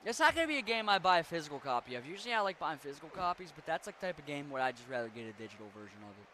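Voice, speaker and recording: Racing along in a sing-song, forceful, bright voice that's a little high, a young game streamer rambles and swears freely to his viewers. His accent blends Western Maryland and Appalachian, and there's slight background noise.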